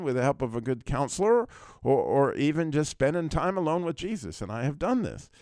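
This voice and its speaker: A man's voice: medium pitch, darkish tone, dry recording, studio quality. A man hosting Christian talk radio, earnestly retelling a film scene and stumbling over repeated words. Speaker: radio talk show host.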